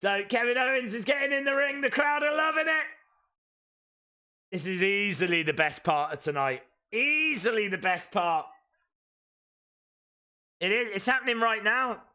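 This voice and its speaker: A man with a high voice hosts a live watch-along stream. He reacts excitedly as things happen and calls out each move. His tone is bright and sharp. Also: moderate pace, long pauses, clean tone.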